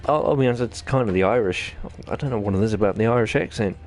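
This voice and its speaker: A man's voice: fairly low pitch, quick pace, a little mellow, soft background music. A man with a New Zealand accent giving rambling, jokey let's-play commentary as host of his gaming channel. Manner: rambling, jokey, self-deprecating chatter.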